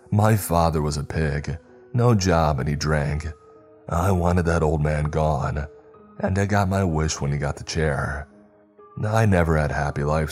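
A man voicing a bitter, vengeful male killer who taunts and shouts. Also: a bass voice.

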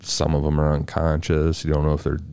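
A man's voice: rumbling low, completely flat delivery, brisk, gravelly, mellow, clean tone, dry recording. A man co-hosting a podcast, reading out researched facts in a casual tone and adding short asides. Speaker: podcast co-host presenting the research. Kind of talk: casual true-crime podcast narration.

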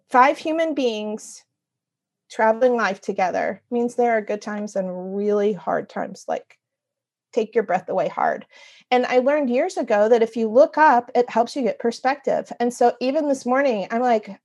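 Middle-aged woman, guest author, animated storytelling, fairly high voice, acts out her own lines. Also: a little slow.

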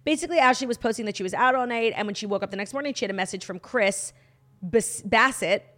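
A woman co-hosting a casual chat, gossiping fast and swearing freely. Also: fairly high pitch, fairly bright tone. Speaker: podcast co-host.

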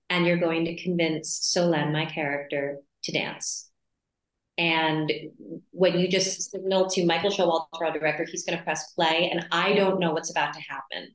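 A woman guest talks through her stories in a relaxed interview, animated and quick to laugh. Her voice sits on the low side, and the sound is roomy, with a clear echo from the space around her. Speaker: actress guest. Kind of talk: casual interview chat.

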